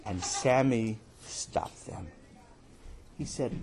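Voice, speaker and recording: A man telling a children's story in an animated, playful way, with casual asides. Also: mid-range voice, a little slow, slight background noise.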